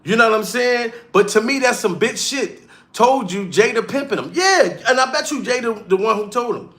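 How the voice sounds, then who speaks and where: A man's voice: very high-pitched, animated, moderate pace, bright, forceful tone. A comedian streamer ranting profanely and mockingly on a live stream, calling out to chat as he goes. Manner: profane, heated, mocking rant.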